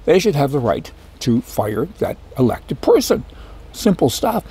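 A man's voice: on the high side, very animated, a little slow, dark tone, husky. A man hosting a political commentary monologue, ranting with sarcastic asides. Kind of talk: opinionated monologue.

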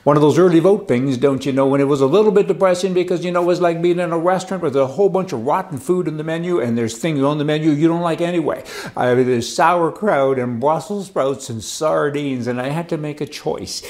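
A man's voice: a little high, a little fast, a little mellow. A man giving rambling, sarcastic political commentary in a folksy vlog. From Canada.

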